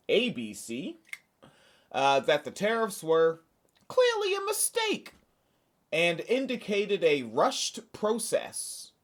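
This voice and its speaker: A man hosting a podcast, reading news aloud and breaking off into sarcastic, profane asides. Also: fairly high pitch. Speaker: podcast host.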